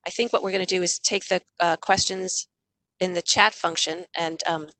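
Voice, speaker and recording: A lowish-voiced middle-aged woman leads an online parenting talk in a loose, conversational way. She often slips into little acted lines for parents and children. The sound is close and dry, with no room around it. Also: fairly even intonation, moderate pace, a bit bright, no echo. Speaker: parenting author and workshop speaker.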